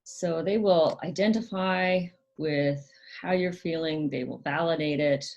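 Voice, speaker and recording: A woman hosting her own channel, explaining things gently in a casual monologue, often hesitating with ums and restarting her sentences. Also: low-pitched, measured pace, vocal fry, muffled recording. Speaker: channel host.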